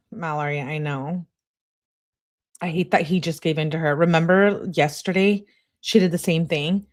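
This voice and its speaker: Blunt chatty woman with a lowish voice. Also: steady tone, a little slow, pauses often. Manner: blunt and chatty, talking to live chat. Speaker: true crime channel host. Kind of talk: casual commentary, reading text messages aloud.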